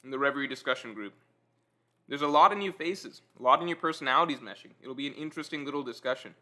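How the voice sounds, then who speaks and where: A man with a mid-range voice talks quickly while hosting a livestream, eating and chatting casually with viewers. He's relaxed and self-deprecating, and he reads chat comments out loud.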